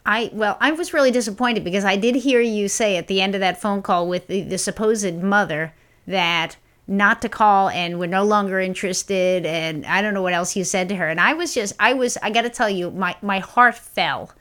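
A woman's voice: medium pitch, normal speed, fairly bright tone. A woman co-hosting a casual podcast, mostly listening and chiming in with short, easygoing replies. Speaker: podcast co-host. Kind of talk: casual chat.

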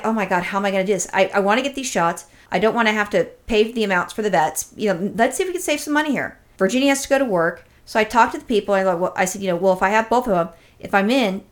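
A woman of middle pitch tells a winding story on a podcast, cursing casually and slipping into quick impressions of the people she met. Her delivery is chatty and animated, full of restarts and asides. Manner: rambling, profane, animated storytelling with acted-out quotes. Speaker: podcast co-host.

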